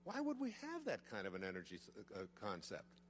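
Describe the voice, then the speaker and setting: A middle-aged man giving a motivational lecture to a live audience, telling a story in an emphatic, expressive way. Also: lowish voice, fairly quick, a little hiss or hum. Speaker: motivational speaker. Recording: long reverb of a large hall.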